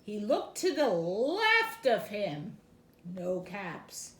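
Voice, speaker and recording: A woman reads a children's storybook aloud, very slowly and with a lively, sing-song voice. She is high-pitched and speaks straight to young listeners. The room is echoey, with faint noise behind her. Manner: expressive, sing-song, gasps for effect. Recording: roomy echo, faint background noise.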